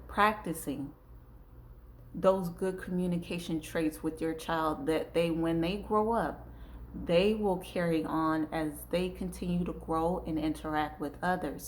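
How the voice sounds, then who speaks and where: A woman with features talks casually about parenting, acting out small exchanges between parent and child. Her voice sits on the lower side. A faint hum runs underneath the recording. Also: a little mellow. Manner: conversational, gives acted examples, repeats herself. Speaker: parenting channel host. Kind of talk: casual talk to camera.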